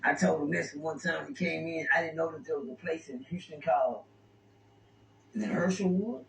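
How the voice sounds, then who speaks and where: A man's voice: a little high, a little fast, vocal fry, a bit bright. A man telling prison stories in casual talk, rambling and stammering over repeated words. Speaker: interview guest. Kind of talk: casual storytelling. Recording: echoey room, distant mic, faint noise.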